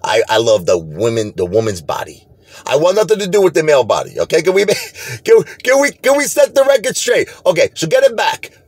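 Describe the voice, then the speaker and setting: A middle-aged New man hosts his own video and rants straight into the camera with a lot of emphasis, going back over the same points. His voice sits a little high and swings up and down with energy. The sound is close and dry, with no room around it. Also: brisk, breathy edge, no echo. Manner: animated, emphatic, repeats himself. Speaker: video host. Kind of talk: casual direct-to-camera rant.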